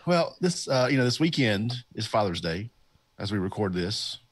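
A man, a podcast producer, telling dad jokes with a dry, low-key delivery. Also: big pitch swings, normal speed, husky. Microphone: remote call.

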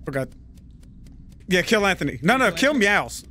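A man's voice: high voice, big pitch swings, moderate pace, bright, forceful tone. A man hosting a voice chat while gaming, joking, teasing and swearing with friends. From United States. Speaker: streamer host.

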